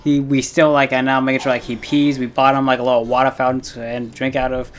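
A man's voice: mid-range voice, little pitch movement, fast. A young man streaming a game, rambling through a personal story with plenty of fillers and swearing. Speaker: gaming streamer. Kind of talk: casual storytelling while playing a game.

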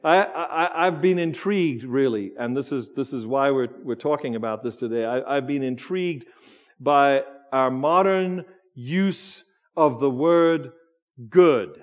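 A man's voice: medium pitch, measured pace, lo-fi sound. A man preaching a sermon in a church, talking in a conversational way, often restarting his words and teasing the congregation. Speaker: pastor. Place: church sanctuary.

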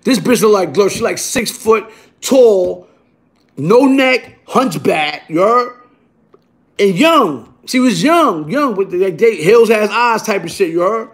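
A man telling a rough, profane story in a casual, animated way, punctuated by "you heard?". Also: sits high, slow. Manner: animated, repeats "you heard?", bursts into shouting.

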